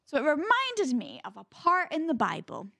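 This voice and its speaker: Lively high-voiced woman leading kids' church. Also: moderate pace, vocal fry, no room sound, clean studio sound. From Scotland. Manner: playful, animated, leading call-and-response memorization. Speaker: children's church leader. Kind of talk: children's church lesson.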